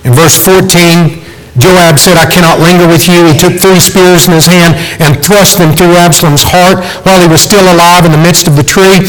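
A man's voice: high voice, fairly even intonation, normal speed, poor audio. A man preaching a sermon, earnest and pleading, voice climbing for emphasis.

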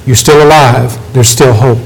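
A man's voice: medium pitch, fairly even intonation, moderate pace, creaky, rough recording. A man preaching a sermon, earnest and pleading, voice climbing for emphasis.

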